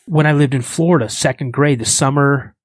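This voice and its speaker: An American man appearing as a podcast guest tells a story at a brisk pace in a medium-pitched voice, casual and animated, acting out the voices of its characters. There is no echo.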